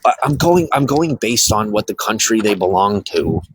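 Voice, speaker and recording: A man's voice: fairly low pitch, lively intonation, moderate pace, slight background noise, rough recording. A man chatting casually on a live stream from his phone, rambling and reading viewer comments aloud.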